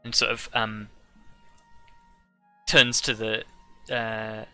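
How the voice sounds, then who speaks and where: A man narrating as game master of a tabletop game, halting often with fillers and restarts. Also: on the low side, completely flat delivery, pushed and bright, clear, resonant tone, soft background music.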